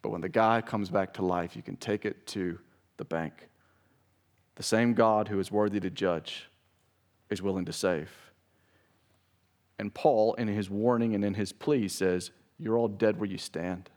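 A man's voice: lowish voice, steady tone, unhurried, pauses often, a little mellow. A man preaching a sermon to his church, emphatic and pleading, stressing key phrases. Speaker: pastor. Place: church sanctuary.

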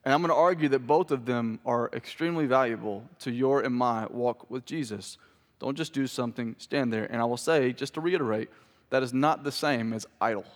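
A man's voice: medium pitch, a little fast. A man pastor giving a sermon in a church, casual and joking with the congregation. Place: church sanctuary. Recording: hall reverb.

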